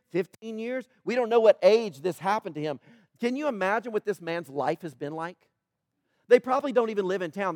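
A man's voice: sits high, no echo, studio quality. A man preaching a sermon, asking the congregation questions and acting out the people in the story. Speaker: pastor.

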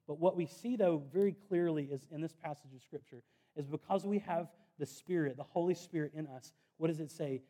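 A pastor, his voice sitting a little high for a man yet warm and mellow in tone. He talks to the congregation earnestly and conversationally, and slips in self-deprecating asides. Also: brisk. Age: 30s. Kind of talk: sermon.

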